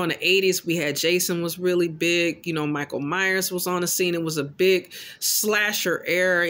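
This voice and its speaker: A man casually recapping a horror film in an animated, loosely paraphrasing storytelling way. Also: high-pitched. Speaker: film commentator.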